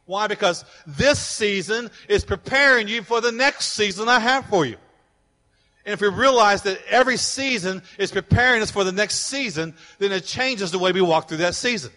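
A man preaching a fervent sermon as pastor, building to loud declarations, recorded in a church with long reverb. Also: sits high, moderate pace. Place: church sanctuary. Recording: long reverb of a large hall.

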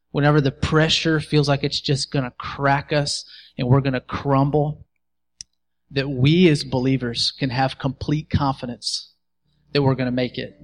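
A man preaching a sermon in a measured, emphatic way. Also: mid-range voice.

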